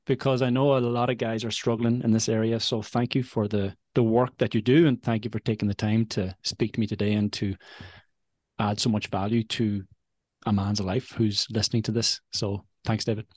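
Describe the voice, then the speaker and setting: A man's voice: lowish voice, flat delivery, moderate pace, no echo, studio quality. A man hosting a podcast interview, chatty and full of praise for his guest. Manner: warm praise, says brother and man. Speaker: podcast host.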